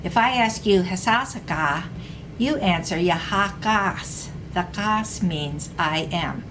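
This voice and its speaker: Woman, language teacher, slow careful explanations, slightly low voice, faint background hiss. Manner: slow, careful explanations with repeated example phrases. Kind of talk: recorded language lesson.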